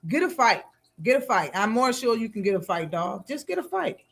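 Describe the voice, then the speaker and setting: A man's voice: very high voice, big pitch swings, a little fast, vocal fry, fairly bright tone. A man hosting a live boxing talk stream, reacting casually with slang and frequent laughter.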